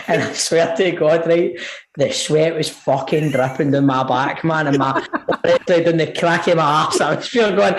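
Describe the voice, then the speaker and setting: Glasgow guy on a football podcast, sweary and laughing through his story, slightly high voice. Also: moderate pace. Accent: Glaswegian. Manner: profane, laughing, tag questions "right? man". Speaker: podcast co-host. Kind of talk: casual storytelling chat.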